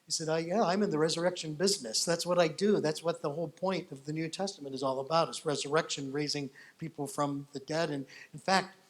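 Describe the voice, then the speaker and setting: Animated storytelling pastor, man. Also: fairly high pitch, fast, few pauses. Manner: animated storytelling, acting out voices, rising to loud excitement. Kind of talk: sermon.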